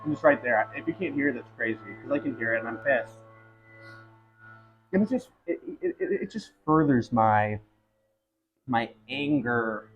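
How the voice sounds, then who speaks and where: Male vlog host, mid pitch, rambling and irritated, slightly dull lo-fi home recording. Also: animated, normal speed, long pauses, soft background music. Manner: rambling, frequent ums, frustrated. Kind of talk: casual rambling monologue.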